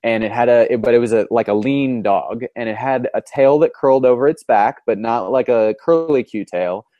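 A man's voice: mid-range voice, normal speed, dry recording, muffled recording. A man co-hosting a podcast, chatting casually and telling stories in a wry, mock-argumentative way. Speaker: podcast co-host. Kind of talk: casual chat.

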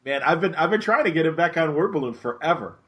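Podcast host, man, higher-pitched, loose rambling delivery. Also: animated, fast talker, fairly bright tone. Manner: rambling, acts out quoted voices. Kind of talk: casual chat.

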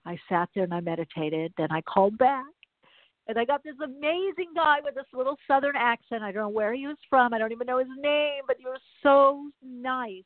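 A woman's voice: high-pitched, a little fast, no room sound. A woman hosting a podcast in a casual, chatty way, rambling through everyday stories. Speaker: podcast host. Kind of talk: casual chat. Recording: tinny phone-like dry sound.

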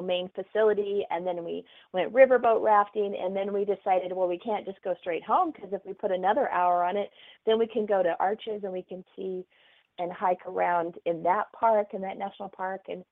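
A woman's voice: mid-range voice, steady tone, moderate pace, dry recording. A middle-aged woman from Oklahoma with a light Southern accent, a guest author chatting casually in an interview and laughing easily. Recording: tinny phone-like remote call line.

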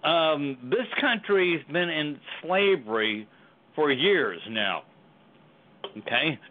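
A man on a thin, tinny phone line rants in a heated call-in, his pitch swinging up and down a lot as he stumbles and repeats himself. He sounds lively and worked up. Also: slow pace. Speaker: caller. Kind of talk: heated political call-in rant.

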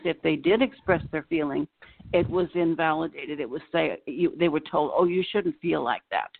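Gravelly woman therapist on a phone line. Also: lowish voice. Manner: gentle, measured, gives examples. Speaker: psychotherapist guest. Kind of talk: explanatory interview talk.

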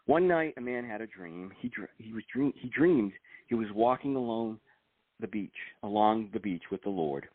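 With a lowish, expressive voice and no room sound, the older man comes through a dry, tinny, phone-like line. A retired agent turned author, he muses softly in the interview, reads aloud from his book, and often restarts his sentences.

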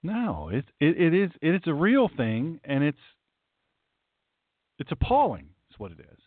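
A man's voice: on the high side, wildly swooping pitch, measured pace, no echo. A man, a pastor doing political commentary, reads legal text aloud with emphatic, indignant asides. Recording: tinny phone-like dry sound.

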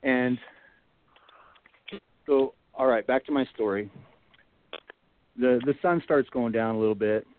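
Calling into a radio show over a tinny phone line, a middle-aged Bigfoot researcher rambles through a long personal story, peppering it with "you know" and "like." His voice is medium-pitched and a little slow, with long pauses.

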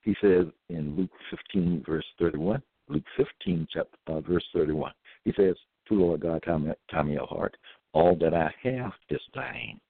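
A man giving a scripture-reading monologue as a religious podcaster, reading verses slowly and solemnly and pausing often with fillers. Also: sits low, expressive, vocal fry, husky, no room sound. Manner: halting, with many pauses and fillers. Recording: dry, tinny phone-like audio.

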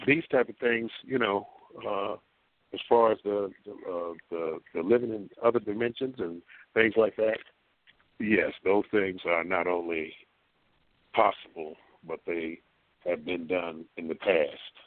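A man's voice: sits low, a little slow, no echo. A man talking as a guest on a call-in show, folksy and rambling, with many fillers and restarts, over a phone line. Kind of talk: call-in radio talk.

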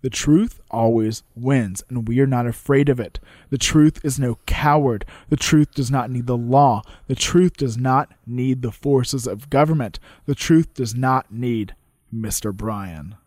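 A man reading out an impassioned courtroom speech as a male orator, with measured, dramatic pauses. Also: mid-range voice, a little mellow, no echo, clean studio sound, lightly acted.

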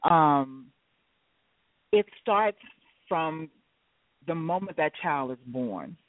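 A woman's voice: low voice, lively intonation, no room sound. A woman in her late fifties co-hosts a radio talk show and talks earnestly, stopping and restarting her sentences. Her voice sounds dry and narrow, like a phone line. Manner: earnest, halting, restarts often.

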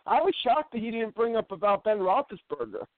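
On a casual sports call-in radio show, the host tells a long, rambling story with many restarts. His voice sits high with big pitch swings, a little fast, with no echo but a dry, tinny phone-line sound.

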